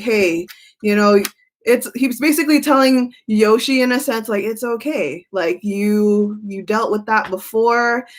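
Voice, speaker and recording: A woman doing a live-stream tarot reading, chatty and given to laughing as she talks. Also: mid-range voice. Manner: chatty, laughs often, reads chat aloud.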